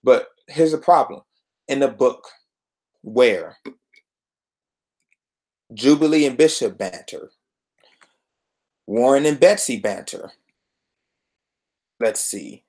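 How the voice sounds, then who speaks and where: A man's voice: mid-range voice, lively intonation, takes it slowly, pauses often, a little mellow. A young man in a mid-range voice vents about a comic he dislikes, sarcastic and exasperated. He repeats himself for emphasis and keeps jumping between gripes. It sounds like a one-man podcast review.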